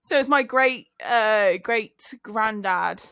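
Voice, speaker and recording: A woman's voice: a little high, slow, a bit bright, clean tone, no room sound, studio quality. A woman from Britain co-hosting a podcast, telling stories in a chatty, giggly way. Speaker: podcast co-host. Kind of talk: casual chat.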